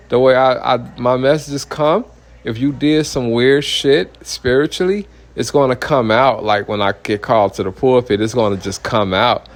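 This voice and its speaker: Guy in his 30s ranting about church stuff, blunt and cussing, keeps going "you know what I mean". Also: medium pitch. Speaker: minister. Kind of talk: heated personal testimony monologue.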